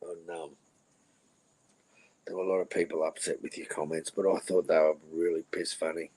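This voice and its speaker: A man's voice: sits low, flat delivery, moderate pace, a little mellow, slight background noise, low-quality recording. A middle-aged man hosting a casual livestream, rambling crudely and repeating his phrases. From Australia. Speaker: livestream host.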